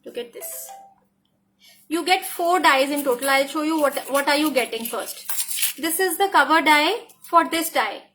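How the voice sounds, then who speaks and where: Bright, high-voiced Indian woman demonstrating crafts. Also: moderate pace. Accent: Indian English. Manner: enthusiastic, repeats "look at this", code-switches to Hindi. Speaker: craft die designer presenting new products. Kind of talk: product demonstration tutorial.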